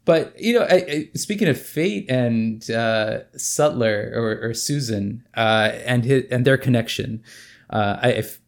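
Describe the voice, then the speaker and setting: A man with a gravelly, creaky voice chatting about a book, stopping and restarting as he hunts for words. His pitch stays in a normal middle range. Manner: halting, many fillers. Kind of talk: casual book discussion.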